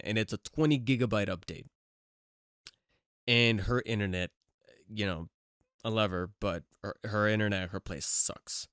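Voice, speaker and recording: A man's voice: fairly low pitch, measured pace, clear, resonant tone, no echo, clean studio sound. A man hosting a podcast, chatting casually and rambling with lots of fillers and restarts, getting over a cold. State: recovering from a cold. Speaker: podcast host. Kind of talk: casual solo podcast chat.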